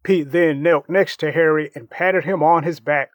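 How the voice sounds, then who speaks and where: A man reading a story aloud as narrator, slow and measured. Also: on the high side, steady tone, no room sound, clean studio sound.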